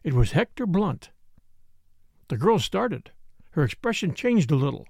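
A man reading a novel aloud in a measured, expressive narration. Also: fairly high pitch, gravelly, breathy edge, no echo, clean studio sound. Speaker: audiobook reader. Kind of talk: scripted narration.

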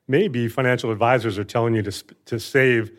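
A man in his fifties, a financial advisor competing on a quiz show, explaining his point confidently in plain, steady terms. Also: mid-range voice, a little fast. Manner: confident, explanatory, light chuckles.

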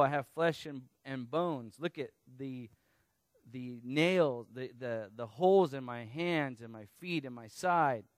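A man preaching a sermon, teaching through a Bible passage in a conversational, animated way with casual asides. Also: medium pitch, normal speed, dry recording. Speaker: pastor.

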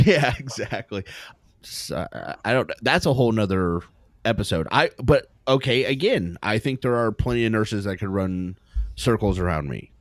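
A man's voice: fairly low pitch, animated, moderate pace, dry recording, clean studio sound. A man co-hosting a podcast, rambling through anecdotes in casual chat, laughing often and trailing off. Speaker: podcast co-host.

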